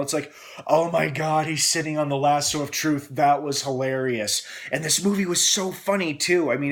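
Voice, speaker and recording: A young man hosting a casual film review, excitable and gushing, acting out scenes as he retells them. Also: on the high side.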